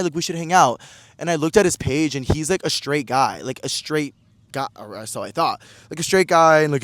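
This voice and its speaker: Guy yapping a storytime vlog super fast, dry close mic, does everyone's voices higher. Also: no room sound. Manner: chatty, animated, acts out other people's lines in a higher voice. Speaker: vlogger. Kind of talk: casual storytime chat.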